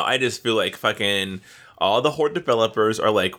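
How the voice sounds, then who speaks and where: A man's voice: lowish voice, moderate pace. A man co-hosting a casual gaming chat, ranting with lots of profanity. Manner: profane, ranting, animated complaints. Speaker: podcast co-host.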